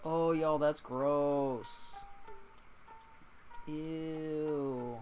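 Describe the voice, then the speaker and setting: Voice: medium pitch, fairly even intonation, drawn-out words, a little mellow, soft background music. An exhausted, yawning streamer in casual game-stream chat, ranting and swearing with exasperation.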